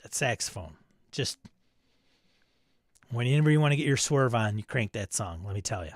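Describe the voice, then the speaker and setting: A man's voice: medium pitch, expressive, moderate pace, no room sound. Chatty male stream host, dry sound. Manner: reads chat messages aloud, chuckling and riffing. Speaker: host of a live stream show. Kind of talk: casual live-stream chat reading viewer comments.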